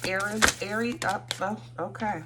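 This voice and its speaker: A woman's voice: medium pitch, steady tone, unhurried, heavy background noise. A woman giving a casual tarot reading, thinking aloud with many fillers and restarts. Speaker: tarot reader.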